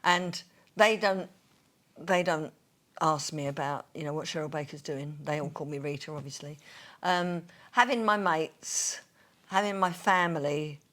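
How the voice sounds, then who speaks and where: Casting: sixties woman, light Cockney, lowish voice, chatty anecdote teller. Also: a little slow, a bit bright. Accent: softened Cockney. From East London. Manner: chatty, acts out quoted voices. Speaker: interview guest, singer and TV presenter. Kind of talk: casual interview storytelling.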